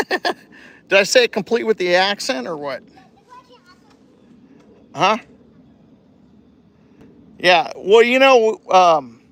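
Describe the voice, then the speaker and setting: Rambling, higher-voiced man filming outdoors on a street. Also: a bit bright, dry recording. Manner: rambling, halting, with many restarts; cheering and coaching a child. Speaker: vlogger livestreaming. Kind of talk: casual live-stream chat.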